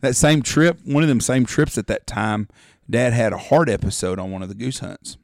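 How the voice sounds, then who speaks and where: Middle aged guy, gravelly low voice, rambling cussing storyteller, dry sound. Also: normal speed, darkish tone, no room sound. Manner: rambling, profane storyteller who acts out quotes. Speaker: podcast co-host, hunting guide. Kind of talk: casual storytelling chat.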